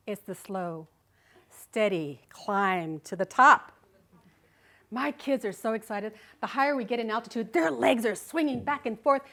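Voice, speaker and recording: A woman's voice: medium pitch, fairly bright tone. A middle-aged woman giving a live talk, telling a personal story vividly and expressively, often laughing. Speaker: speaker. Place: live speaking event.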